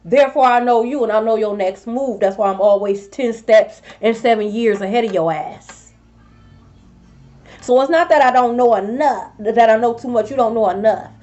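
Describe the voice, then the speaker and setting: A woman's voice: on the high side, normal speed, darkish tone, muffled recording. A woman tarot reader scolding her rivals in a sassy, profane vlog monologue. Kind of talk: confrontational spiritual vlog monologue.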